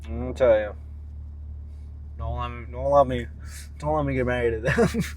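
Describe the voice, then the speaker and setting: Medium in pitch and moderate in pace, this man is a fitness vlogger talking casually. He rambles about his workouts in an animated, profane style, ranting and musing as he goes.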